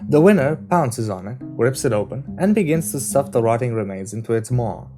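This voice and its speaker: A man reading a novel aloud as an amateur audiobook, narrating in a steady, measured way. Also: medium pitch. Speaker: reader. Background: guitar music.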